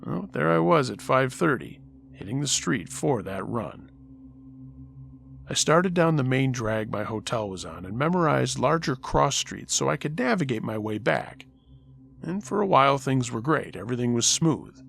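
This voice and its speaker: Gravelly male storyteller. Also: mid-range voice, big pitch swings, normal speed, a bit bright. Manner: dramatic, conversational first-person telling. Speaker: storyteller host. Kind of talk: reading a scary story aloud.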